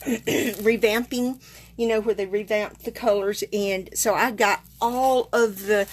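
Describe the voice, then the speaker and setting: A woman hosting a casual live stream, chatting to viewers and greeting them by name, a little tired, with plenty of fillers and small laughs. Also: medium pitch. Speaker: card-making demonstrator hosting a live stream.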